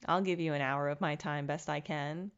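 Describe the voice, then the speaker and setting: A woman's voice: sits low, steady tone, moderate pace, clean tone, dull audio. A woman hosting her own podcast, talking candidly and reflectively in a casual motivational monologue with the odd curse. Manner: candid, reflective, mildly profane self-help talk. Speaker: podcast host.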